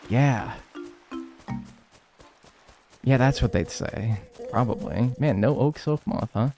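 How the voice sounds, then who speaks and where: A man's voice: mid-range voice, unhurried, creaky, darkish tone, faint music behind. A young man with a Pittsburgh accent, chatting casually and telling rambling jokey stories while streaming a game. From Pittsburgh area, US. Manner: rambling, jokey storytelling with silly put-on voices.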